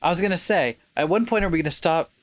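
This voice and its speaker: A man's voice: fairly high pitch, quick pace. A man co-hosting a let's play of a visual novel. He reads the game's text aloud and chats casually, stumbling over words now and then. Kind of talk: casual playthrough chat, reading game text aloud.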